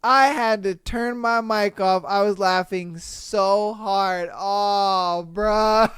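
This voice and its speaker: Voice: mid-range voice, steady tone, drawn-out words, a bit bright, clean tone. A podcast host casually reading online stories aloud and reacting with frequent laughter and profane slang.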